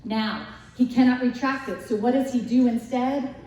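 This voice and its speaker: Woman, Bible study teacher, casual lively retelling, rhetorical questions, very roomy sound, mic far off. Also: a little high, normal speed, lo-fi sound. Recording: echoey room, distant mic.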